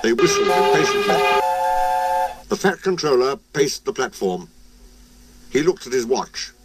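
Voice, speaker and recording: A man reading a children's storybook aloud in a plain, steady way. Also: mid-range voice, measured pace, heavy background noise. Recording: music playing behind.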